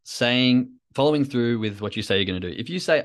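A man's voice: lowish voice, fast talker, hardly any pauses. A man hosting a solo podcast, talking in a rambling, reflective, self-coaching way. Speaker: podcast host.

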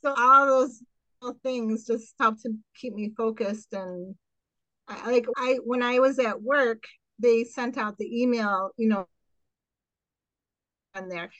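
A middle-aged woman in a casual podcast interview speaks high and fast-running. She tells her story with lots of fillers and acts out quotes. The sound is close and dry with no room. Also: pushed and bright, no room sound, muffled recording. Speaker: guest, occupational therapist.

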